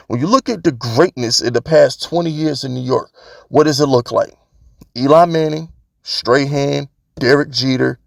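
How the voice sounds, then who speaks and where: A sports fan vlogger rants casually about his football team, pressing his opinions hard and repeating them for emphasis. His medium-pitched voice is creaky, captured dry with studio quality.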